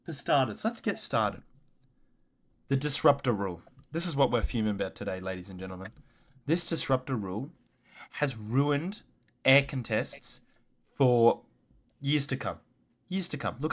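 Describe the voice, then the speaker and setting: A man co-hosting a casual sports podcast, fired up and swearing as he rants, swinging between loud and quiet. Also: medium pitch. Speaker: podcast co-host.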